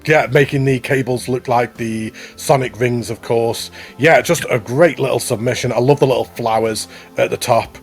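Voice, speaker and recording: A man co-hosting a relaxed showcase of contest entries, chatting upbeat and praising each one. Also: mid-range voice, moderate pace, hardly any pauses, soft background music. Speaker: co-host. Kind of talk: casual chat commentary on contest entries.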